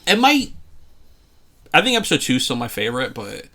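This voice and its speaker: A man's voice: mid-range voice, huge pitch swings, a little fast, sharp tone. A man co-hosting a casual review show, rambling and restarting his sentences, laughing often. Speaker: podcast co-host.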